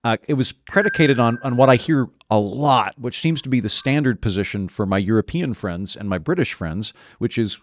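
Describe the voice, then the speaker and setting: A man in the host's chair talks in a chatty, animated, opinionated way. His voice sits at a middling pitch. The recording is dry and close. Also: normal speed, hardly any pauses, no echo. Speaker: podcast host. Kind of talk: conversational interview.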